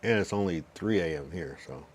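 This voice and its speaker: A young male streamer with a deep, low voice rambles through his live chat. He teases and trash-talks viewers with slang and cursing, drifting through restarts and loose asides. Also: a little hiss or hum. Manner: teasing, trash-talking banter with swearing and slang; loose, rambling delivery with restarts and drawn-out counting. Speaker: livestreamer. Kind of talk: casual livestream chat, reading and answering chat.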